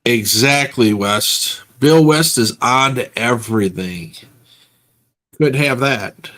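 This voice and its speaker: A man talks casually and teases in a light way. His voice sits at an ordinary middle pitch. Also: slow, fairly bright tone. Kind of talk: casual chat.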